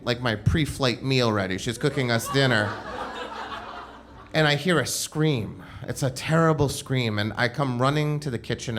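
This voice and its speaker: A man's voice: medium pitch, fairly bright tone. Man telling a comic story on stage. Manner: conversational, comic timing, frequent "like" fillers. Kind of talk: live first-person storytelling. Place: live show at a club venue.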